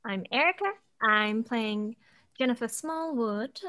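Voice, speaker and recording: Quiet, hesitant woman player. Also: fairly high pitch, measured pace.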